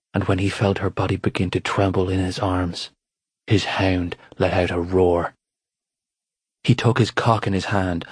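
A man narrating an audiobook in a steady, unhurried reading voice. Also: on the low side, husky, no echo. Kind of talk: scripted narration.

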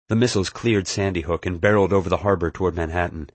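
A man's voice: low-pitched, steady tone, fast talker, hardly any pauses, no echo. A man narrating an audiobook in the first person, telling the story expressively.

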